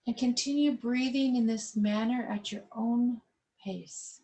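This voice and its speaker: Calm woman guiding a yoga class. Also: fairly high pitch, low-quality recording. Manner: calm, slow guided instructions. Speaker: yoga instructor. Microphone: webcam.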